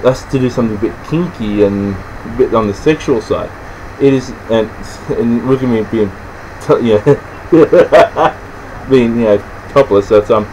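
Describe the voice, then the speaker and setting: This is an Australian man with an ordinary mid-range voice, explaining things off the cuff. He halts often, restarting sentences and filling pauses as he goes. His talk stays loose and rambling, never scripted. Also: medium pitch, a little mellow, slight background noise, poor audio. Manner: halting, rambling, many restarts and fillers. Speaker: presenter explaining slang. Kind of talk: casual unscripted explanation to camera.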